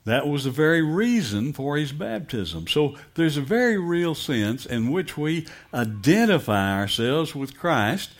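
A man's voice: fairly high pitch, very animated, a little slow, hardly any pauses. A middle-aged pastor preaching a sermon, emphatic and asking his congregation direct questions.

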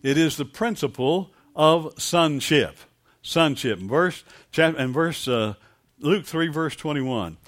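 A man's voice: fairly high pitch, expressive, slow pace, fairly bright tone. A man preaching a sermon, calling on the congregation for amens and building to emphatic peaks. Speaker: pastor.

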